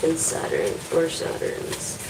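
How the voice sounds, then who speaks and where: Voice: takes it slowly, heavy background noise. A tarot and oracle card reader giving a casual live-stream reading, rambling, swearing constantly and chatting straight to viewers by name.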